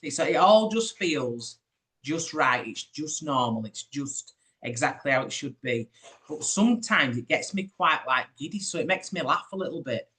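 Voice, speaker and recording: A man, a spiritual medium chatting in an interview and telling his stories in a lively, rambling way. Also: on the high side, moderate pace. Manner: chatty, animated storytelling with asides. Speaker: spiritual medium, podcast host. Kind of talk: casual chat.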